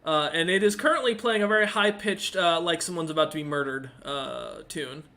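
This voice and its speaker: A man's voice: a little high, a little fast, sharp tone. A man running a tabletop game as game master, narrating casually with many hesitations.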